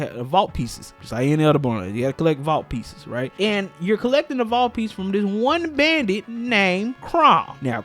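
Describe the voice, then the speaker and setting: Young male host, casual rant, lively swinging pitch, somewhat high voice, faint music underneath. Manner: animated, exasperated, laughing often, repeats himself. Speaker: gaming video host.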